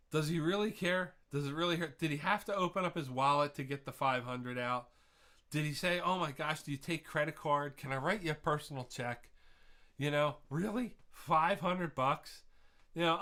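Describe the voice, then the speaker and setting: Guy hosting a trivia stream, kinda high voice, cracks himself up and rants a lot. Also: sharp tone. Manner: laughs at his own jokes, rambling rants. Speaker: trivia quiz host. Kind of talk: live-streamed quiz hosting with chatty asides.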